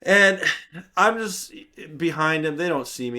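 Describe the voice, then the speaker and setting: A man vlogs a story with a lively voice that swoops up and down, pitched a touch high. He narrates with self-mocking humor, repeating himself for effect. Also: measured pace. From Canada. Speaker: YouTube channel host. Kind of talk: vlog storytelling.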